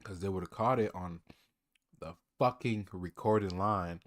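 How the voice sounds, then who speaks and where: A man's voice: deep voice, slow pace. A man streaming, reacting to a clip with mocking, sarcastic commentary.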